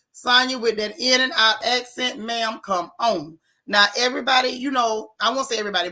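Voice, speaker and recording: Her voice sits on the high side, bright and forceful, as she hosts a casual live stream. Sassy and talkative, she welcomes viewers and dishes about a reality show.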